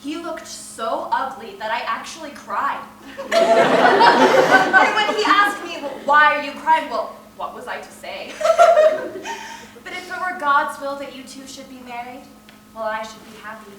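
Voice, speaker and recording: Actress as a gentle consoling elder sister. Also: female voice, sits high, animated, normal speed. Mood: tender. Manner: soothing, tender, earnest. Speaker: stage actor. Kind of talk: live stage acting. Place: theatre stage. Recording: echoey stage sound from far off, noisy.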